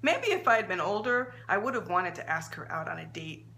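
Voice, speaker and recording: A woman author reading her own short story aloud in an expressive, measured storytelling manner. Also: fairly low pitch, vocal fry.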